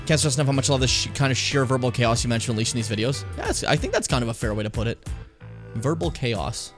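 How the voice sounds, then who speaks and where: A man's voice: mid-range voice, fast, faint music behind. A young adult man streaming, reacting to his old videos in a rambling, profane, self-mocking way.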